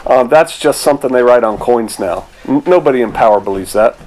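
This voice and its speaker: A man's voice: mid-range voice, lively intonation, brisk, darkish tone, slight background noise, low-quality recording. A middle-aged man, a pastor, preaching a sermon in a conversational, rambling way with rhetorical asides.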